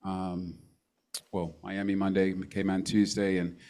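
A man's voice: sits low, flat delivery, darkish tone, rough recording. Man preaching with call-and-response amens. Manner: reads scripture references slowly and repeats them. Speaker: guest preacher. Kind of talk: sermon. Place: church sanctuary. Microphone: handheld microphone.

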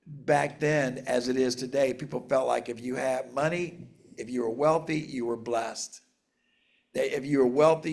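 A man preaching a sermon, reading scripture aloud and explaining it in an earnest, measured way, slowing down for emphasis. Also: mid-range voice, vocal fry, a little mellow. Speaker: pastor.

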